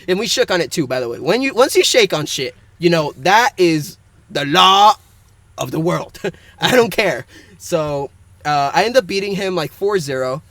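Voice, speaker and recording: A man's voice: a little high, expressive, normal speed, fairly bright tone, dry recording. A young man co-hosting a casual podcast, rambling through a story and laughing often. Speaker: podcast co-host.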